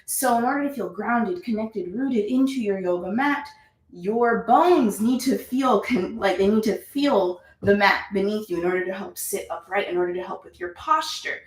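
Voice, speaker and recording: A woman's voice: medium pitch, lively intonation, moderate pace, echoey room, low-quality recording. A woman leading a live yoga class, chatty and encouraging, repeating her cues. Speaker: yoga instructor.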